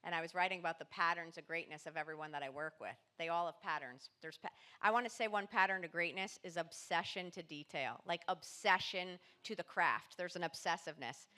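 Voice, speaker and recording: Woman mindset coach, podcast guest; bright, forceful voice, emphatic and motivational. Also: on the low side, fairly quick, few pauses. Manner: emphatic, motivational, punchy delivery. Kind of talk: podcast interview.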